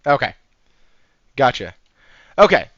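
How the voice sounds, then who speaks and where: A man hosting a casual gaming news podcast, talking in an animated, profane, sarcastic way and laughing often. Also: mid-range voice, takes it slowly, no echo. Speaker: podcast host. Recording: dry, slightly dull audio.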